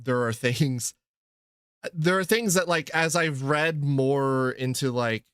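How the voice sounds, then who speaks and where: Male podcast host, mid pitch, laid-back filler-heavy talk, dry close mic. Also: slow, fairly bright tone, clear, resonant tone, no room sound. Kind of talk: casual chat.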